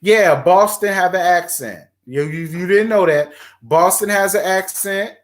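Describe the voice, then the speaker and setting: In a casual livestream where he reads viewer comments, a man from Virginia speaks a little slowly with a raised pitch. His manner is lively and talkative, marked by emphatic repetition.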